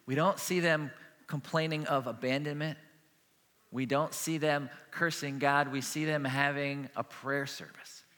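Male pastor, sermon, earnest conversational delivery, bright forceful tone, fairly high voice, long hall reverb. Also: steady tone, a little slow. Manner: earnest, conversational preaching with a hushed closing prayer.

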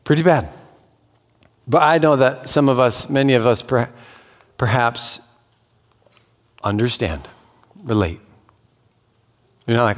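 A man's voice: medium pitch, slow pace, long pauses. A man preaching a sermon in an earnest, conversational way, acting out quoted lines as he goes. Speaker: pastor. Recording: long hall reverb.

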